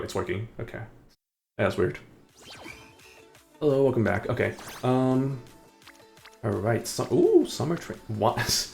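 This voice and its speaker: A man's voice: on the low side, creaky. A man streaming a game live, chatting casually, rambling and muttering to himself between chuckles. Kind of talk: casual live gameplay chat.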